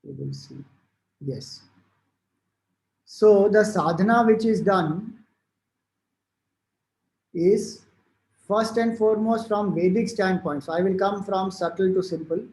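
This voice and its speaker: A man with an Indian English accent and a high-pitched, slightly mellow voice speaks slowly, leaving long pauses. He's a spiritual teacher giving a devotional discourse, explaining scripture and loosely retelling old stories with fillers and restarts. Echo fills the room.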